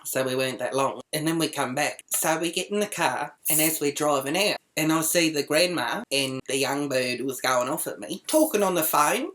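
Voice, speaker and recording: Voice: medium pitch, expressive, moderate pace, few pauses, a bit bright, lightly acted. A performer playing a crass, foul-mouthed middle-aged grandmother with an Australian accent, telling a rambling comic story straight to camera. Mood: brash. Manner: brash, swearing, rambling storyteller. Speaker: vlogger. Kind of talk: comic character monologue.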